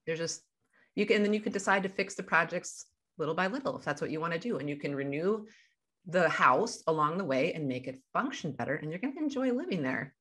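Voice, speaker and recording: A woman's voice: low-pitched, lively intonation, quick pace, a bit bright. A woman guest on a podcast interview, a life coach talking over a video call and explaining through everyday examples.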